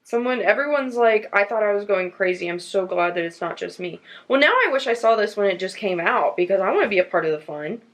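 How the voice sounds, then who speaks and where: A woman's voice: medium pitch, lively intonation, a little fast, hardly any pauses, low-quality recording. A woman hosting a podcast, chatting casually and reading ghost stories aloud in a storytelling tone. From North Carolina. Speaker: podcast host.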